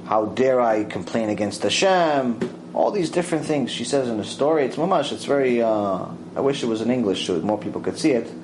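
A man giving a mussar lecture, telling a story with lively acted-out voices. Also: brisk, noisy background. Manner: animated storytelling, acts out quoted voices with big pitch swings. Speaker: Torah teacher.

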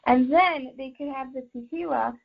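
A woman's voice: high-pitched, moderate pace, vocal fry, dull audio. A woman teaching a religious class mixed with life coaching, explaining step by step and repeating phrases as she thinks.

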